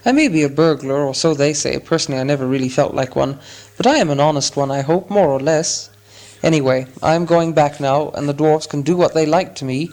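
A man voicing a fussy, polite hobbit gentleman who talks in a prim, businesslike way with a squeaky voice. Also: fairly quick, lightly acted. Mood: uncomfortable.

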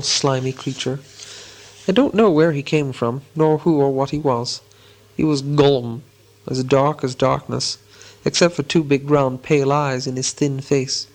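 A man narrating a storybook in a slow, deliberate storytelling manner. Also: medium pitch, fairly even intonation. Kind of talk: reading a storybook aloud.

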